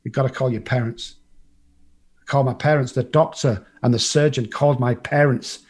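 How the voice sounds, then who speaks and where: A middle-aged English man tells his life story in a casual, blunt voice that has a husky edge. He swears freely and acts out other people's lines as he goes, and his pitch sits in an ordinary middle range. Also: fairly even intonation, moderate pace, a little mellow. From England.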